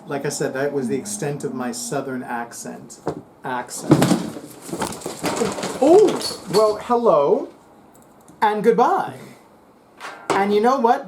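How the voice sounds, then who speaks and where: A man's voice: a little high, a little mellow, slight background noise. Chatty man from New Jersey reviewing books. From New Jersey, USA. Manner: chatty, rambling, with many fillers. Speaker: BookTube channel host. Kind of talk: casual book review vlog.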